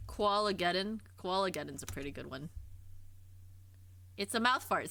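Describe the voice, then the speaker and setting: A woman streamer chatting casually on a livestream, curious and quick to laugh, often stumbling and repeating herself as she thinks aloud. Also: on the low side, animated, gravelly, sharp tone, no echo. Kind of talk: casual livestream chat, reading and answering chat.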